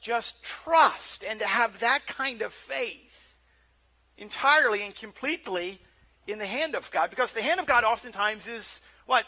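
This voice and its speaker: A man's voice: extremely high pitch, bright, forceful tone. A male pastor preaching a sermon in a conversational way, often repeating words as he starts a phrase.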